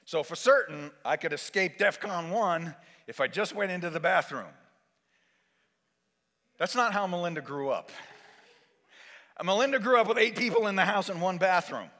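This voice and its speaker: A male stand-up comedian telling an animated story and acting out scenes. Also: high-pitched, moderate pace, long pauses. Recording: long reverb of a large hall.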